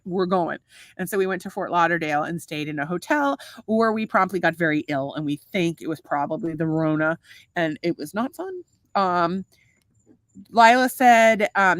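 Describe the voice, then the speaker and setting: A woman's voice: on the low side, fairly bright tone, no room sound. A woman co-hosting a casual podcast, reading out viewer comments in a playful, profane way. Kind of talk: casual chat.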